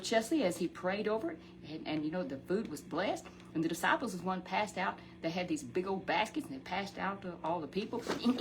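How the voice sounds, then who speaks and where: An older woman telling a children's Bible story in a folksy, animated way, often addressing a listener by name and repeating herself. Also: mid-range voice, background noise.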